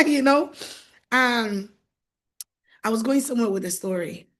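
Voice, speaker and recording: A woman marriage coach delivers a faith-based teaching talk, animated and often laughing as she acts out quoted voices and repeats phrases for emphasis. She speaks at a fairly high pitch and an unhurried pace.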